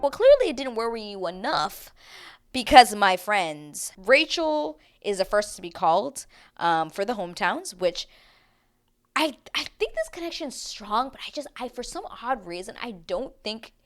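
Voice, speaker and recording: A woman's voice: fairly high pitch, big pitch swings, unhurried. A young woman in a chatty, dramatic, casual recap of a TV show. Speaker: TV recap vlogger.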